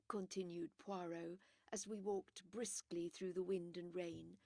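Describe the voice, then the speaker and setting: A woman narrating a mystery audiobook in a measured storytelling manner, with dramatic pauses. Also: fairly low pitch, level tone, vocal fry, mellow, no room sound, studio quality. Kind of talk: scripted narration.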